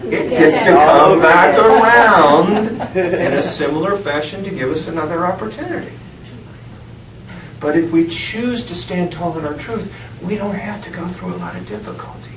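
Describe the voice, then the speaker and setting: A man's voice: sits high, animated, moderate pace. A middle-aged man, a reverend, telling a personal story within a sermon and laughing often as he goes. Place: church sanctuary. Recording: echoey church from far off, noisy.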